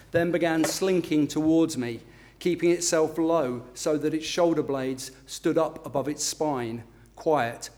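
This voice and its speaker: Self-mocking male author reading aloud. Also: on the high side. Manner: self-deprecating, conversational, with filler ums. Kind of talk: book talk and reading aloud.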